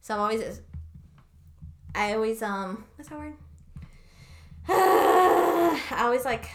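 A young woman co-hosts a podcast, chatting casually, rambling, swearing, and frequently pausing to hunt for words. Her voice is on the high side with lively intonation and a slow pace. There's a little hiss or hum in the recording.

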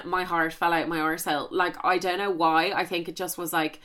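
A young woman tells a story on her podcast in a frank, emphatic way and swears freely. Her voice is fairly low for a woman but bright and forceful. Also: fairly even intonation, moderate pace. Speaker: podcast host.

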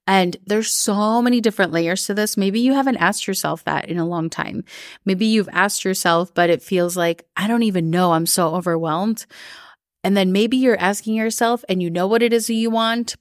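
A woman coaching her listeners in a casual, chatty talk, full of "like" and quick voices put on for other people. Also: medium pitch, no room sound, studio quality. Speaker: coach and podcast host. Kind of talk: casual live-recorded talk.

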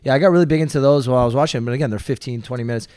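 A man hosting an interview podcast, asking questions in a relaxed, chatty way. His pitch is middling for a man. The sound is dry, with no room echo. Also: racing, clear, resonant tone. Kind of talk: casual interview chat.

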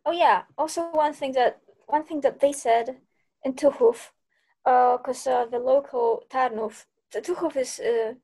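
A woman's voice: a little high, darkish tone, rough recording. A woman talking in a casual podcast discussion, often restarting her sentences.

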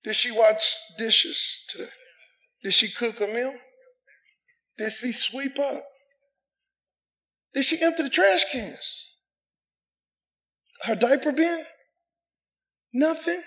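A middle-aged pastor preaching a sermon in a church, shouting passionately and calling on the congregation to say amen. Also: male voice, very high voice, takes it slowly, pauses often. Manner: impassioned shouted preaching with call-and-response. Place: church sanctuary. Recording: echoey church room.

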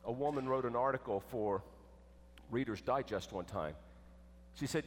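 Emphatic preacher in an echoey church. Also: male voice, mid-range voice, animated, normal speed. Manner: emphatic, swinging from loud to hushed. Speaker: pastor. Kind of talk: sermon. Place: church sanctuary. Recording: echoey church with long reverb.

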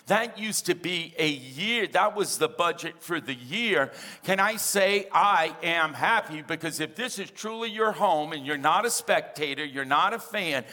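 A male pastor preaching a sermon with energy, asking the congregation for amens and dropping in humorous asides. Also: high-pitched. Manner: energetic preaching with call-and-response questions.

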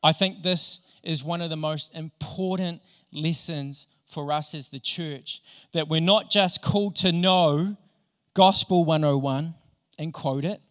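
A young adult man preaching a sermon, telling stories in an animated, enthusiastic way. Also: a little high, a little slow, clear, resonant tone. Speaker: pastor. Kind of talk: sermon with storytelling. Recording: long hall reverb.

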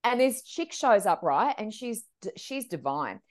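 Animated storytelling woman medium. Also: medium pitch, measured pace. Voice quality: expressive, acts out quoted voices. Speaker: medium, podcast guest.

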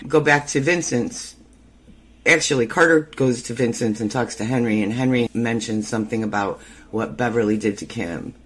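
A man's voice: mid-range voice, normal speed, husky. A man hosting a podcast, chatting casually through an episode recap and laughing easily. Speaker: podcast host.

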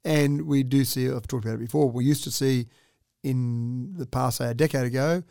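A man, a council representative, explaining plans in a measured, thinking-aloud way during a radio interview. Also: medium pitch, steady tone, vocal fry, warm tone, clear, resonant tone, no room sound, studio quality.

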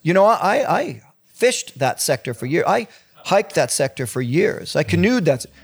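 A man's voice: fairly high pitch, normal speed, breathy edge. A middle-aged man, a former canoe trip outfitter, chatting casually and acting out voices as he tells stories. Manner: animated storyteller, acts out quoted voices. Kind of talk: casual conversation.

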